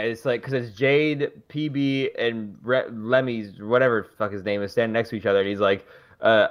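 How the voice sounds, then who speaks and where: A man's voice: medium pitch, fairly even intonation, moderate pace, lo-fi sound. A man co-hosting a movie podcast, joking, swearing casually and laughing. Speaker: podcast co-host. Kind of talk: casual movie recap chat.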